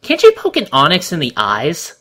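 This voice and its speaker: A man co-hosting a casual watch-along commentary, animated and jokey, swearing casually. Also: fairly high pitch, normal speed. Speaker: commentary co-host.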